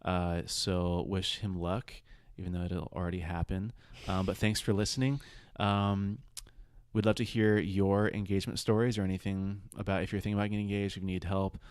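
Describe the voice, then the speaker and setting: A young man in his twenties hosts a relaxed podcast conversation, drifting from one side story to the next with plenty of fillers. His voice sits very low, and the recording is dry with no room sound. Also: a little fast, clean tone, dry recording. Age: 20s. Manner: rambling storyteller, full of side stories and fillers. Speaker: podcast host. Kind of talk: casual podcast chat.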